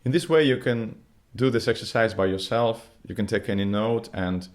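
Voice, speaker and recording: Male vocal coach, somewhat low voice; patient, step-by-step singing lesson delivery with slightly phrasing. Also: moderate pace. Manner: non-native phrasing, patient step-by-step explaining.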